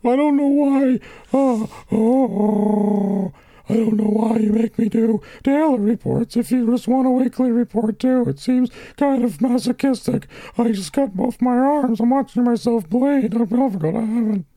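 Man doing a high weepy office worker, whiny, despairing, dry recording. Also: measured pace, dark tone, dry recording.

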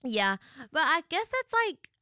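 A young woman co-hosting a podcast, chatting casually and rambling with lots of fillers and quick laughs. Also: high voice, big pitch swings, sharp tone, no room sound, studio quality. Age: young adult. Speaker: podcast co-host. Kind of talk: casual chat.

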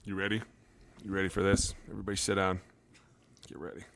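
A man co-hosting a casual football podcast, an animated storyteller who gets loud when acting out quotes. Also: deep voice, fast, gravelly. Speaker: podcast co-host, former NFL lineman. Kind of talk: casual sports chat. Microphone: home setup in front of drums.

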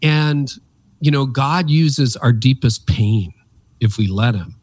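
A man in his fifties, an author and speaker, telling stories in an interview with emphatic, animated delivery. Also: slow pace, slightly rough. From Canada. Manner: animated, emphatic storyteller with pitch leaps. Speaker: podcast guest, author and speaker. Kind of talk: reflective interview storytelling.

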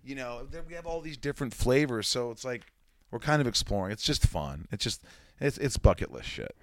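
A man in his forties, a comedian and musician, chatting casually as a guest and telling rambling, animated stories with some profanity. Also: mid-range voice, fairly quick, no room sound, studio quality. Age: 40s. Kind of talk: casual interview chat.

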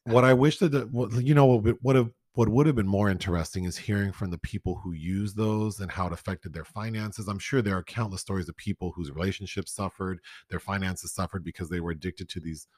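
A man's voice: low voice, a little fast, hardly any pauses, a little mellow, dry recording, clean studio sound. A man co-hosting a casual chat about films, talking frankly and with opinions. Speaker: podcast co-host.

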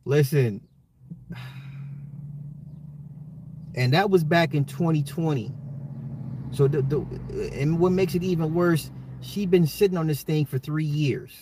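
A man's voice: on the high side, measured pace, long pauses, darkish tone, a little hiss or hum. Emphatic man hosting a solo podcast. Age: adult, a father. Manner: emphatic, repeats himself, talks to listeners directly. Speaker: podcast host. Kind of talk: solo social commentary podcast.

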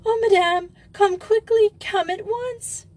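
A woman's voice: steady tone, slow, a little mellow. A woman doing a wailing, frightened schoolgirl. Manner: wailing, high-pitched pleading. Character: frightened young schoolgirl, excitable.

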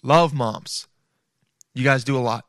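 A man's voice: medium pitch, unhurried, fairly bright tone, no echo, clean studio sound. A man hosting a podcast in a casual, rambling comedic monologue, swearing freely and calling listeners dude. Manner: profane, rambling, chummy, says dude a lot. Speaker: podcast host.

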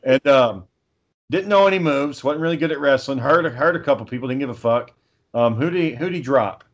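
A man's voice: medium pitch, brisk, muffled recording. A man chatting casually on a podcast, spinning a long, rambling story. He swears freely and keeps circling back with fillers and restarts. His voice sits in a middle range. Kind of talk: casual chat.

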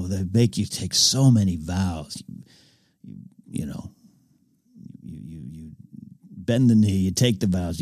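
Low-voiced enthusiastic man hosting a podcast. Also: warm tone, dry recording, studio quality. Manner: enthusiastic, rambling, with frequent restarts. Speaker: podcast host. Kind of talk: casual episode recap commentary.

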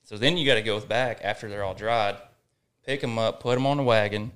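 A young man with a smooth, resonant voice that sits on the low side. He tells stories in a relaxed, folksy way, chatting as a guest on a podcast. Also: fairly quick. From Western Kentucky. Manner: laid-back storytelling, folksy. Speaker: college baseball coach, guest. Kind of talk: casual podcast chat.

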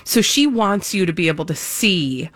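A woman co-hosting a chat podcast with a somewhat low voice, talking in a chatty, knowing way. She sounds confident. The recording is dry and close. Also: lively intonation, normal speed, fairly bright tone, dry recording. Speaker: podcast co-host. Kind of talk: casual chat.

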